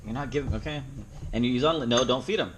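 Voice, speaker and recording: A man's voice: mid-range voice, quick pace, a little hiss or hum, rough recording. Man teaching a dog training seminar. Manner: plain-spoken, acts out the dog's thoughts in playful asides. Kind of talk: seminar teaching with live demonstration.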